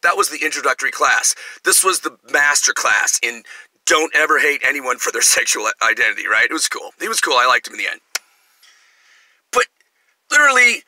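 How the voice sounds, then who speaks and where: A man's voice: fairly high pitch, a little fast, no echo, rough recording. A middle-aged man telling rambling personal stories as a vlogger, jumping between tangents and acting out quotes. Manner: animated, jumps between tangents, acts out quotes. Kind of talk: rambling personal storytelling monologue.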